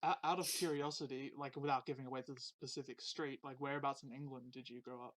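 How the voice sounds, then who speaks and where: A man's voice: medium pitch, fairly even intonation, fast, a bit bright, no room sound. A man co-hosting a casual podcast, playful and teasing in his remarks. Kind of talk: casual chat.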